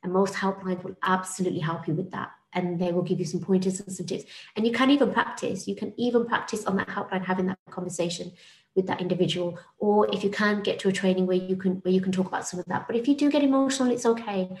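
Fast-talking British woman, roomy sound. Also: lowish voice, steady tone, a little mellow. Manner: earnest, emphatic, repeats words when starting. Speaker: suicide prevention guest. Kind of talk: podcast conversation.

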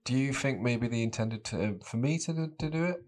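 A man's voice: mid-range voice, moderate pace, darkish tone. A man hosting a podcast in casual chat, teasing his guest and laughing often. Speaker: podcast host. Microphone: remote call mic.

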